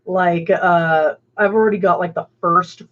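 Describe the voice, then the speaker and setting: A woman's voice: fairly low pitch, steady tone, measured pace. A woman hosting a livestream, chatting casually with many fillers and laughs. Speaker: stream host. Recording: dull lo-fi stream audio.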